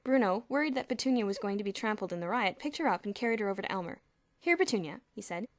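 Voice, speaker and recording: A woman's voice: medium pitch, very fast, dry recording, clean studio sound. A woman narrating an audiobook expressively, with audible lip-smacking. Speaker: audiobook reader. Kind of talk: storybook narration. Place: home room with traffic nearby.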